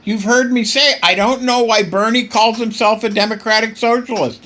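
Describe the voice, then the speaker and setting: A man with a high, sharp voice speaks at a normal pace in a steady tone, hosting a political podcast. His commentary is impassioned and emphatic, and he keeps getting worked up, often stumbling and repeating words.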